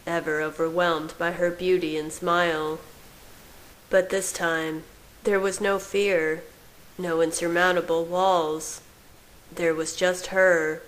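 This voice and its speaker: A woman reading fan fiction aloud in a slow, soft, measured narration. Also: on the low side, poor audio. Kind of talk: storybook narration.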